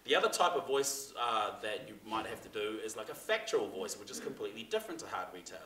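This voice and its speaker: A man's voice: fairly low pitch, big pitch swings, fast, sharp tone, a little hiss or hum. A man giving a casual, chatty talk to a class, full of fillers and restarts. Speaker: seminar presenter. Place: theatre room. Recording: echoey room, mic from far off.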